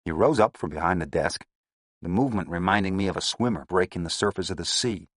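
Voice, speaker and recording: A man reading an audiobook in a steady, descriptive first-person narration. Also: low-pitched, quick pace, husky, no echo, studio quality.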